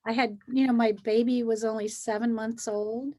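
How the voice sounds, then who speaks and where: This hypnosis practitioner, a middle-aged woman, talks at normal speed in a voice on the high side. As a guest in a relaxed chat, she is earnest and lively, acting out feelings and people's inner self-talk as she explains them.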